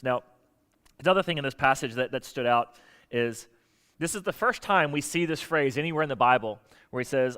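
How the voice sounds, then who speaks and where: A man preaching a sermon as pastor, animated and joking with the congregation in a church sanctuary. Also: medium pitch, fairly quick, long reverb tail.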